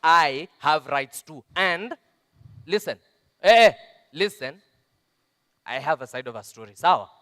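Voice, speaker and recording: An actor playing an abusive, self-pitying drunk husband, on stage, blustering and defensive, with constant "eh?" interjections. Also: male voice, a little high, lively intonation, measured pace, long pauses, pushed and bright, dry recording, studio quality, in a large hall. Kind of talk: stage play monologue. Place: festival stage.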